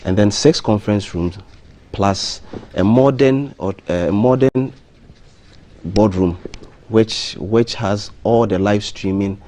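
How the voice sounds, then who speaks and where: A man, a hotel marketing manager, interviewed as a guest on a live breakfast TV show, speaking in a measured way with frequent ums and restarts. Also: on the low side, warm tone. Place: TV studio.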